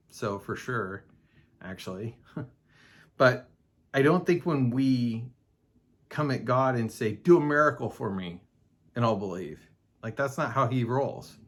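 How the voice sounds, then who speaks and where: A man hosting a casual Bible study podcast, talking loosely with fillers and asides as he explains a passage. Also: medium pitch. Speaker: podcast host teaching the Bible.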